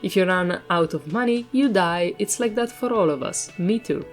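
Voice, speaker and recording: A woman's voice: fairly low pitch, expressive, normal speed, faint music behind, close to an everyday voice. Woman reading as a sarcastic grumpy hostel manager. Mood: exasperated. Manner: sarcastic, scolding. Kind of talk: reading game dialogue aloud.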